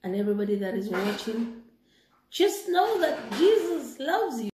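A woman retelling a moral story and preaching, animated and excitable. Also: fairly high pitch, normal speed, background noise. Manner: animated, excitable, laughing asides. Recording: echoey room.

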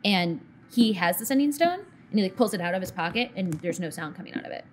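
A woman's voice: fairly low pitch, expressive, fast, slight background noise. A woman narrating as game master in a casual, filler-heavy way.

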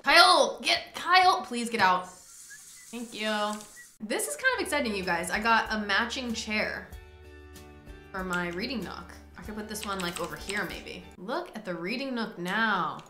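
A woman giving animated let's-play commentary, playfully narrating what her game character does and sometimes breaking into loud shrieks and laughter. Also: mid-range voice, normal speed, faint music behind. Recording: roomy echo with clear background noise.

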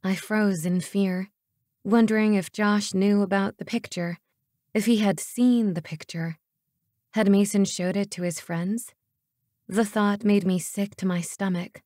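Expressive woman reading an audiobook, dry sound. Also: mid-range voice, measured pace, no echo. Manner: expressive first-person reading. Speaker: audiobook narrator. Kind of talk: scripted narration.

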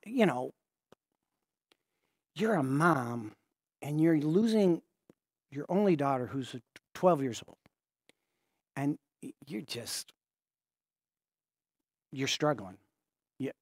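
Hushed, halting male pastor telling a story. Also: no echo, studio quality. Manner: halting, restarts sentences, often drops to a hushed low voice. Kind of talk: conversational sermon storytelling.

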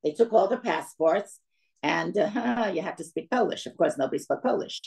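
An older woman tells a family story to a gathered audience, slipping into the voices of the people she quotes. Her voice sits low and has a gravelly edge. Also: animated, moderate pace, a little mellow, low-quality recording. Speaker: guest speaker.

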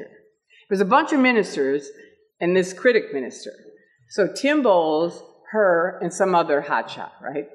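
An older woman giving an animated storytelling talk at an event, laughing often and acting out the people she quotes. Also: mid-range voice. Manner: lively, laughs often, acts out quoted voices. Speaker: speaker at an event. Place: meeting room with audience.

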